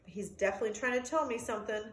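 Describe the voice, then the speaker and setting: A woman voicing a friendly young male dog, anxious but kind, in a lively storybook reading with sound effects. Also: a little high, rapid-fire, echoey room, slight background noise, lightly acted. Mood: urgent.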